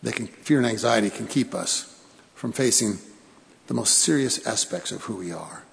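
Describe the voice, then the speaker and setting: A man pastor delivering a sermon in a church, telling stories with pauses for emphasis and repeated phrases. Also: mid-range voice, expressive, vocal fry. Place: church sanctuary. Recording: long church reverb.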